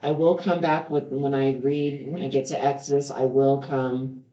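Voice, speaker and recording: Reading from the Bible in a very deep, level, mellow voice at a moderate pace, a woman occasionally breaks off to share sincere, heartfelt reactions. The home recording has a roomy, slightly muffled quality.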